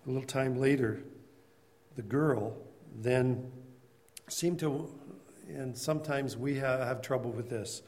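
A man's voice: medium pitch, long reverb tail. A man teaching a Bible class in a conversational storytelling way, calling on class members by name.

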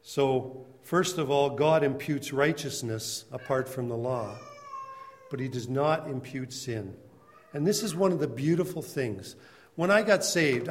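A man's voice: medium pitch, in a large hall. A man teaching a Bible class in a conversational storytelling way, calling on class members by name.

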